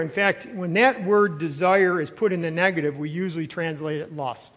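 Brief: older male pastor, high voice, emphatic sermon delivery, drawn-out stressed words, loud-soft swings. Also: long reverb tail.

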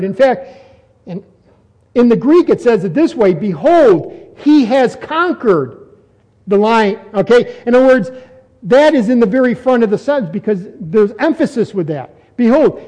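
A man's voice: high voice, dark tone, in a large hall. A man preaching an expository sermon, earnest and repeating phrases for emphasis as his voice rises on key points.

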